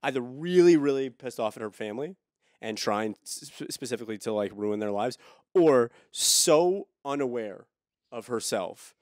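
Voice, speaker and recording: A man's voice: mid-range voice, expressive, moderate pace, no echo, clean studio sound. A man on a podcast, casually telling a crude story, repeating and restarting words. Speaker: podcast co-host.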